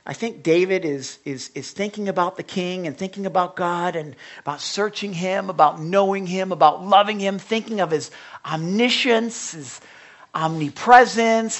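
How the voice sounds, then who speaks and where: A man preaching a sermon as pastor, talking conversationally, stumbling and restarting, then swelling into fervent bursts. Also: high voice. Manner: conversational, swings from hushed asides to impassioned outbursts; halting restarts and repetitions.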